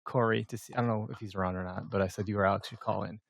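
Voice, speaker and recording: A man's voice: on the low side, fairly even intonation, rapid-fire, creaky, no room sound, studio quality. A man hosting a podcast, talking casually in rambling, restarting sentences with casual swearing. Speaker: podcast host. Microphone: studio mic, call software.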